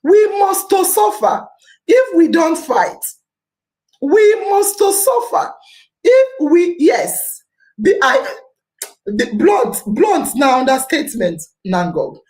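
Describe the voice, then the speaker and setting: A woman's voice: very high-pitched, very animated, takes it slowly, darkish tone, reverberant, soft background music, low-quality recording. A Nigerian woman hosting a podcast, giving an impassioned civic talk, repeating phrases for emphasis and slipping into Pidgin. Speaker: podcast host.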